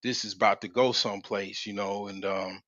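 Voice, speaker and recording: Bright-voiced rambling man on stream. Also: on the low side, steady tone, normal speed, no echo. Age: 40s. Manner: rambling, slangy and profane, with many restarts. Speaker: livestream host. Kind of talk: casual storytelling on a livestream. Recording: slightly dull, dry lo-fi mic.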